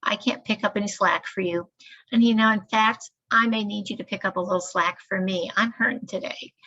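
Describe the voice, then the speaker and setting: A woman's voice: medium pitch, fairly even intonation, fairly quick, pushed and bright, dull audio. A woman acting out an exhausted care worker who pleads with a coworker for help. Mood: pleading. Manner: pleading, weary.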